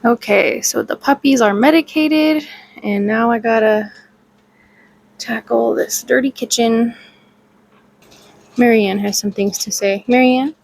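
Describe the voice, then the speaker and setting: A woman's voice: a little high, unhurried, creaky, pauses often, darkish tone, dry recording. A woman vlogging casually at home in her kitchen, chatty and cooing at her dogs. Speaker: vlogger, animal rescuer. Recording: noisy home recording.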